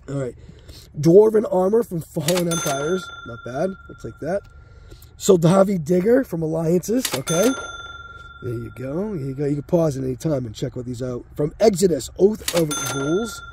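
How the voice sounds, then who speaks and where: Middle-aged man, casual pack-opening chatter, slightly high and warm. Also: a little hiss or hum. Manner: laid-back and slangy, calls viewers man and dude. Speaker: card pack opener. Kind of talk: casual commentary while opening packs.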